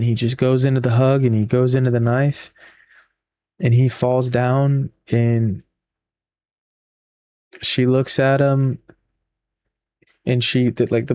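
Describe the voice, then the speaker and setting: A man's voice: medium pitch, darkish tone. A man giving a casual spoken book review, retelling the plot in a rambling way with frequent repeats and fillers.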